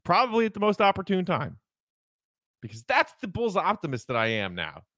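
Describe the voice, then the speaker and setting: A man hosting a solo sports podcast, talking in an animated, opinionated way with frequent restarts. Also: high-pitched, a little fast, no room sound. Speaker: podcast host.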